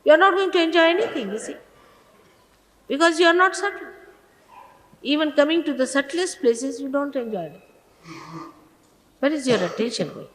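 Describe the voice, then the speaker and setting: A woman, a spiritual teacher, giving an admonishing sermon to her followers in an old archival recording. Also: high-pitched. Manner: scolding, admonishing, emphatic. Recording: old archival recording with long reverb and faint hiss.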